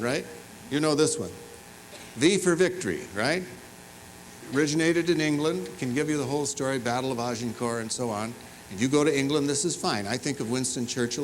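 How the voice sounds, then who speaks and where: A man with a mid-range voice gives a commencement address in a large university fieldhouse, animatedly telling funny stories, making asides, and teasing the audience. The recording is rough, with slight background noise.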